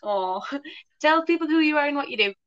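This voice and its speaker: A woman's voice: sits high, expressive, fairly quick, fairly bright tone, dry recording. An Irish woman hosting a podcast in casual, chatty interview talk, swearing and laughing easily. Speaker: podcast host. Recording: muffled lo-fi home audio.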